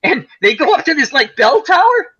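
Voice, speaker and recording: A man's voice: very high-pitched, moderate pace, highs cut off. A man co-hosting a casual chat show, rambling through stories about movies. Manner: rambling, animated storyteller. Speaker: co-host.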